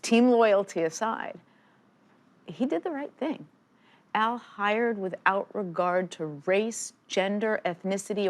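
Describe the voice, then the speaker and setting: Forceful, low-pitched woman in her sixties. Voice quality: strong, not dainty voice. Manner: emphatic, forceful, animated storyteller. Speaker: guest, football analyst. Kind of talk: conversational interview storytelling. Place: studio.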